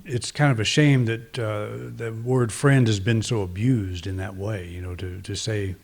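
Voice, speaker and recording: A man's voice: fairly low pitch, steady tone, unhurried, creaky. A man, a minister, preaching a conversational, reflective sermon with frequent restarts and fillers.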